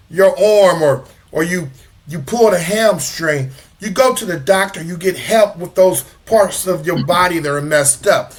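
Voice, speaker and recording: High-voiced heartfelt male co-host. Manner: heartfelt, says "man" after most phrases. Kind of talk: casual talk show chat.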